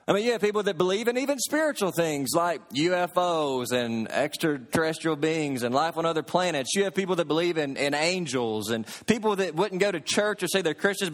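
A man preaching a sermon as pastor, folksy and storytelling, in a church sanctuary. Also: fairly high pitch.

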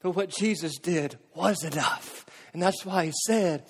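A man preaching a sermon, earnest, posing rhetorical questions and dropping into hushed intensity. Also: high-pitched, a little slow, breathy edge. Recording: long hall reverb.

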